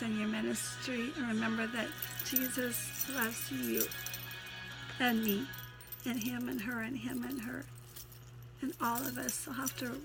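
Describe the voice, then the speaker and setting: A woman with a Tennessee twang, reciting her poetry and then chatting folksily to her viewers, her voice going hoarse. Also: a little high. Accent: Tennessee Southern twang. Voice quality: folksy, affectionate, calls listeners hon. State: losing her voice. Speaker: Christian poet and vlogger. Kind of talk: poetry recitation and casual chat to camera.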